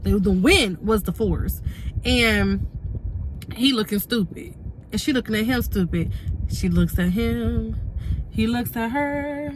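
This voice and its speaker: A woman's voice: a little high, a little slow, slight background noise. A young adult woman telling a storytime vlog, retelling events with emphatic repeats and asides. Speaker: vlogger.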